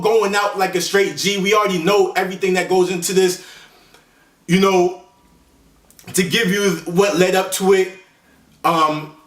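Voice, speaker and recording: A man's voice: a little high, fairly bright tone. Slangy male host in an echoey room. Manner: slangy, rambling, with many fillers and self-corrections. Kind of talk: casual movie countdown commentary. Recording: echoey room, voice far from the mic.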